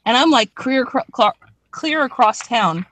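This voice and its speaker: A woman's voice: on the high side, lively intonation, moderate pace, a bit bright, dry recording. Rambling young woman, dry close sound. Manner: rambling, many "like"s, swears, laughs a lot. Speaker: podcast co-host. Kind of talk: casual storytelling chat.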